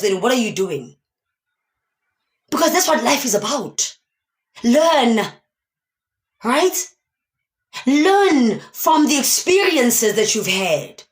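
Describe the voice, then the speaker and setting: A woman from South Africa giving a motivational talk on a live stream, speaking emphatically and asking many rhetorical questions. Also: on the high side. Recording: echoey room.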